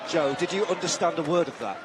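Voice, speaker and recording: A man commentating live on a wrestling show, delivering promotional hype in a brisk way. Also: a little high, lively intonation. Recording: noisy arena with crowd.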